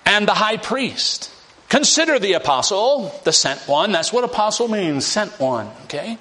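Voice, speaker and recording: A man's voice: high voice, sing-song, moderate pace, pushed and bright. A man preaching a sermon on scripture. He repeats key phrases with emphasis and acts out the scenes he describes. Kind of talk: expository sermon.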